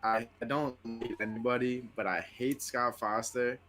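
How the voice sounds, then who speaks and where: A man co-hosting a casual sports stream, telling excitable stories full of "like" and "yo" and acting out what people said. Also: mid-range voice, moderate pace, faint music behind. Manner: excitable storyteller, acts out quotes, lots of "like" and "yo". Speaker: co-host of a sports watch-party stream.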